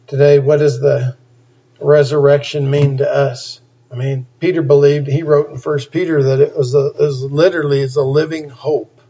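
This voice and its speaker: A man's voice: fairly high pitch, dark tone. A man preaching a sermon, reading scripture aloud and stopping often to add plain, emphatic comments. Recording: dull lo-fi recording.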